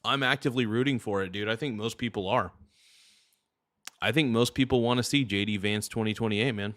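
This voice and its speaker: A man's voice: fairly low pitch, fairly quick, fairly bright tone, no room sound. A man hosting a livestream, chatting casually and crudely while thanking viewers for gifts. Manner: rambling, joking, crude. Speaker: livestream host.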